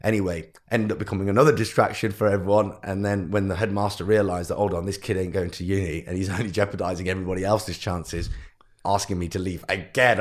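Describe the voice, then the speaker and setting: Young man, low voice, podcast guest, animated storytelling, acts out quotes. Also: fast talker. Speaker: guest entrepreneur.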